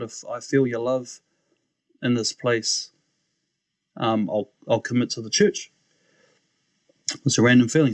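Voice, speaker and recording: A young man recounts his story as a podcast guest, speaking at an ordinary mid pitch. He talks casually and animatedly, mimicking the people he quotes and laughing as he goes. The sound is dry and close, with no room echo. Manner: animated, acts out quoted voices, laughs often.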